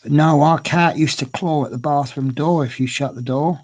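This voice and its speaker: A man's voice: fairly high pitch, normal speed, darkish tone, dry recording. A man chatting casually on a livestream from home, rambling and cooing at his cat. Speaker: streamer. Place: at home indoors.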